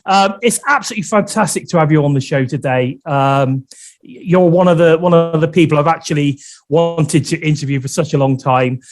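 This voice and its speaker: Chatty English man hosting a podcast. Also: on the high side. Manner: chatty, fills pauses with um and uh. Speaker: podcast host. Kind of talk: casual interview.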